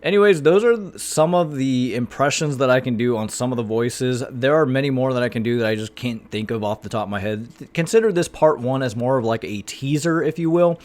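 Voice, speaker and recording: A man's voice: medium pitch, brisk, few pauses, darkish tone. A man with an American accent, talking casually to camera as a YouTuber, rambling and chatty with many fillers. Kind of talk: casual vlog talk to camera.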